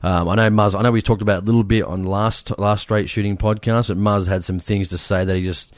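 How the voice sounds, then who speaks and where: A man co-hosting a podcast, chatting casually and retelling stories with lively mimicry. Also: fast talker, dry recording, clean studio sound. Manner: animated storyteller, mimics people in high voices. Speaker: podcast co-host.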